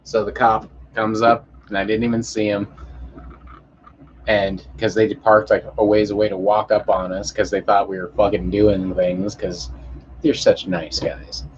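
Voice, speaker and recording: A man's voice: on the low side, level tone, a little slow, slight background noise. A young man telling a story in a profane, heated rant, acting out the voices of the people in it. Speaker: podcast storyteller. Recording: muffled lo-fi audio.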